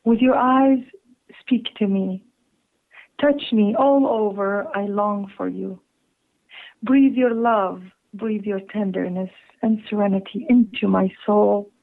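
A woman caller from Canada reading her own love poem slowly and tenderly over the phone. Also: medium pitch, steady tone, creaky. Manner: slow, tender recital with laughing asides. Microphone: telephone. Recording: tinny phone line.

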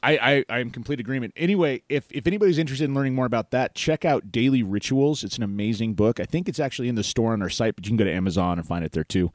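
A man's voice: mid-range voice, racing, hardly any pauses, no room sound, clean studio sound. A man hosting a podcast in casual chat, joking and enthusiastic. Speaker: podcast host.

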